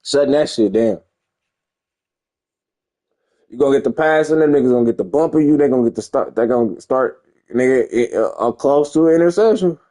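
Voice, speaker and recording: A man's voice: mid-range voice, expressive, brisk, long pauses, mellow. A young man talking casually and profanely over his football video game, rambling and boasting. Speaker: gamer streamer. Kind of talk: casual gameplay commentary.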